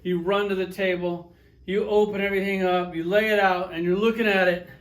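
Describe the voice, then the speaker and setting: A man's voice: high-pitched, flat delivery, brisk. A man reviewing collectible action figures in a casual vlog, sarcastic and profane, spinning little stories with acted-out quotes. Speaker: toy reviewer.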